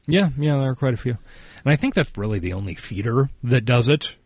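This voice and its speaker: A man's voice: medium pitch, expressive, fairly quick, darkish tone, dry recording. A man co-hosting a podcast in casual chat, dropping dry, teasing quips. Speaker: podcast co-host.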